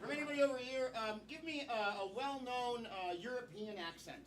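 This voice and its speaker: A man's voice: very high voice, a little fast, fairly bright tone, a little hiss or hum. A man hosting a live improv comedy show, upbeat and taking suggestions from the crowd. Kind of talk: live emcee patter. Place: small comedy theater. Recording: distant mic with audience laughter.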